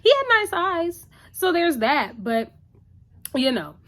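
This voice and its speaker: A woman casually recapping a TV episode in a chatty, animated way, acting out what the characters say. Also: very high-pitched, takes it slowly. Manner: chatty, animated retelling with acted-out quotes. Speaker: TV recap vlogger.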